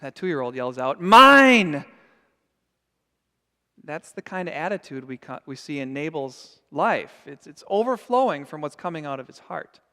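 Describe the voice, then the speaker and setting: High-voiced pastor in an echoing church. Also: male voice, animated, moderate pace, few pauses. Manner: earnest and emphatic, acting out scenes. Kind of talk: sermon. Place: church sanctuary.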